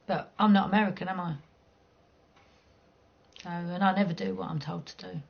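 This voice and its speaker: Gravelly blunt London woman. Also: fairly low pitch, steady tone, moderate pace, lo-fi sound. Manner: blunt, cheeky, swears freely. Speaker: game streamer chatting with viewers. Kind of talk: casual chat.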